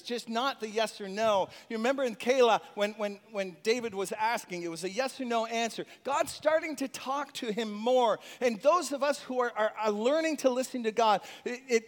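A male pastor preaching a sermon in a church, animated, with chuckles and call-and-response with the congregation. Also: extremely high pitch. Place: church sanctuary. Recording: long reverb in a large hall.

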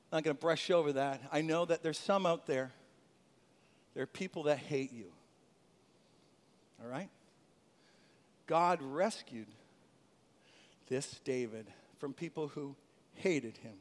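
Man preaching in an echoing hall. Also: on the high side. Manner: dynamic, swings from shouting to hushed. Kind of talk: sermon. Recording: long hall reverb.

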